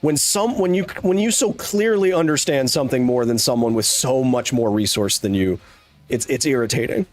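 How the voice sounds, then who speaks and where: A man's voice: mid-range voice, normal speed. A man hosting a live stream, ranting casually in a sarcastic, exasperated way. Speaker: streamer host.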